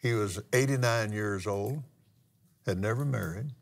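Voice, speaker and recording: An older man, a minister telling a testimony story in a folksy, drawn-out way with pauses and restarts. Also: on the low side, creaky. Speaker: minister and pilot. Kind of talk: storytelling testimony in a broadcast talk.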